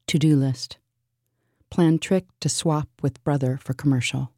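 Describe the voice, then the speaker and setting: Very low slow woman reading absurd lists deadpan, dry sound. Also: no room sound. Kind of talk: surreal spoken word list.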